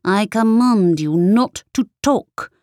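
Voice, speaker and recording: A woman's voice: medium pitch, lively intonation, warm tone, clean tone, dry recording, clean studio sound. Woman voicing a scornful, cruel sorceress mother. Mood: commanding. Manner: venomous, scornful, slow and cutting.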